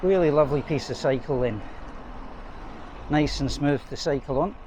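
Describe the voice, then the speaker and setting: This casual cycling vlog features a middle-aged head teacher speaking at a moderate pace in a voice on the high side. He tells chatty, wry anecdotes outdoors on an urban road, recorded by an action camera mounted on his bike, with faint street and traffic noise behind him.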